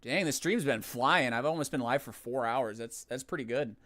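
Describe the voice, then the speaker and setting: A man's voice: mid-range voice, normal speed, fairly bright tone, dry recording. Chatty self-mocking young man streamer. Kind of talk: casual game livestream chat.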